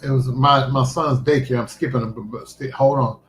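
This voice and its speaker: A middle-aged man hosting a livestream, telling a personal story in a halting, emotional way. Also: medium pitch, steady tone, slight background noise. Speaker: livestream host. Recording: roomy echo.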